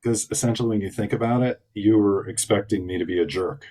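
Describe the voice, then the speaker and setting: A man with a very low voice speaks as a psychologist guest on a podcast. He answers in a thoughtful, reflective way and shapes his ideas as he talks. His delivery stays measured and calm.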